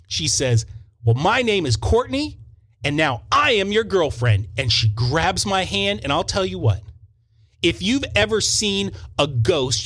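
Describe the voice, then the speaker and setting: A young man telling a personal story in an animated, self-mocking way, often repeating words as he goes. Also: high voice. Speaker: storyteller on a faith show.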